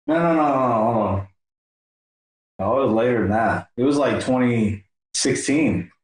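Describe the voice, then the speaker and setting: A male podcast host chatting casually and telling a story in a relaxed, filler-heavy way. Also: medium pitch, unhurried. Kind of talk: casual conversation. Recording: echoey room.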